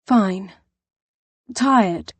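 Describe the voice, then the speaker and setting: A woman's voice: mid-range voice, very slow, slightly rough, no room sound. A woman voicing a distraught young woman who is an older sister, tearful and defensive. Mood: upset.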